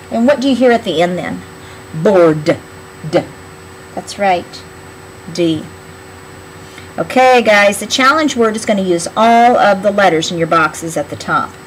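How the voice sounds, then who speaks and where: A woman's voice: mid-range voice, slight background noise, low-quality recording. Patient woman teacher leading a spelling lesson. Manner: clear, patient, instructional, stretching out words to spell.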